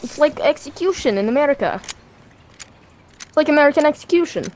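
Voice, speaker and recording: A woman's voice: sits high, expressive, a little fast, a little mellow, slight background noise. A woman teasing strangers in a casual online game voice chat, speaking through a headset. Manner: playful, teasing.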